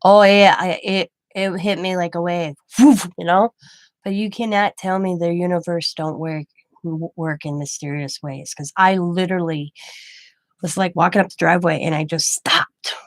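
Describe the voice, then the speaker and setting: In a fairly low, fairly evenly intoned voice at a moderate pace, a woman tells a chatty, wandering personal story. She's a grandmother who hosts a craft channel and quotes others herself, and there's no echo.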